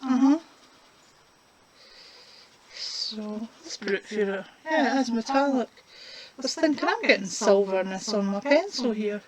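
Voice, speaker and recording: A woman's voice: a little high, expressive, a crowd in the background, poor audio. A woman, chatting casually while demonstrating a colouring craft. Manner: chatty, unhurried, talks while working.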